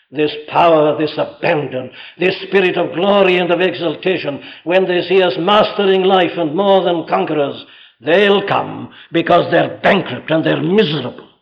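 High-voiced male preacher, fervent and exhorting, on a dull lo-fi sermon recording. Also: normal speed, gravelly. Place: church pulpit.

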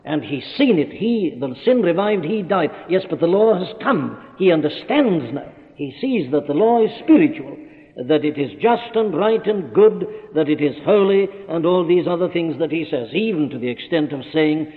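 A man's voice: on the high side, animated, normal speed. Emphatic preacher man in an echoing hall. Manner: emphatic, reasoning aloud with rhetorical questions. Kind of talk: expository sermon. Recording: tinny lo-fi recording with long hall reverb.

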